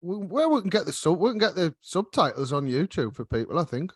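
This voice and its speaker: A man's voice: on the high side, big pitch swings, a little fast, husky, dry recording. A man hosting a casual podcast chat with cheeky, sweary banter, speaking right into a close microphone. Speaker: podcast host. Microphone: microphone held right up to the mouth.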